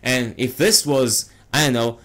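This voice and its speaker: Young man, casual rant, profane, exasperated, heated, mid-pitched voice. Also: fairly even intonation, measured pace, a bit bright. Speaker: movie reviewer and streamer.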